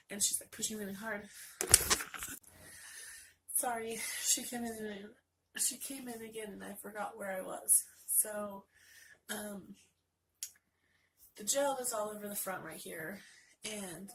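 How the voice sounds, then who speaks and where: A woman's voice: mid-range voice, fairly bright tone, slight background noise, poor audio. A woman in her late twenties, a vlogger, telling a story to camera in a rambling, chatty way and acting out what others said, congested from a sinus infection. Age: late 20s. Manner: chatty, rambling, acts out quoted people.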